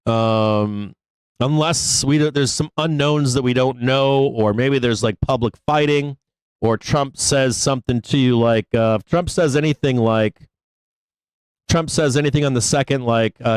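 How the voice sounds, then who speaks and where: A man hosting a live stock market show, giving casual trading commentary in a rambling, profane way with many fillers and quick bursts. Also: mid-range voice, clear, resonant tone, no room sound, rough recording.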